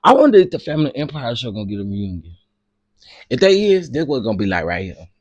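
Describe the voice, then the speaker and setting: A man's voice: mid-range voice, big pitch swings, a little mellow, no room sound, dull audio. Giggly man in casual commentary. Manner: laughing fits, drawn-out teasing, slangy. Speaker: commentary host.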